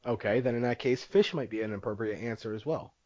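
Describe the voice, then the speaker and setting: A young man co-hosts a podcast in casual chat, teasing his friend and laughing often. He talks fast in a mid-range, slightly mellow voice, with no echo but dull lo-fi podcast audio.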